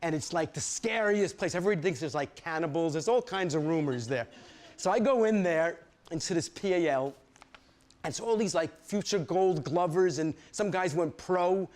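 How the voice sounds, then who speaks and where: A man from Brooklyn, reading a personal story aloud in an animated, profane, conversational way. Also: a little high, moderate pace.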